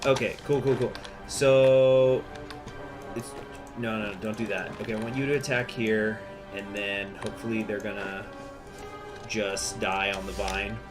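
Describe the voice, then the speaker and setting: A man's voice: lowish voice, fairly even intonation, measured pace, music in the background. Chatty man playing a strategy game. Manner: easily distracted, chatty, many fillers. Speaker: gaming channel host. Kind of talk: casual gameplay commentary.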